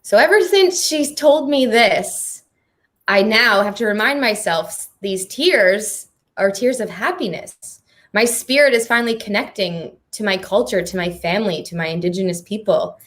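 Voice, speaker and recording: A woman's voice: mid-range voice, lively intonation, moderate pace. Earnest woman moderating a live panel. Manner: warm, earnest, laughs often. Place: performing arts centre stage.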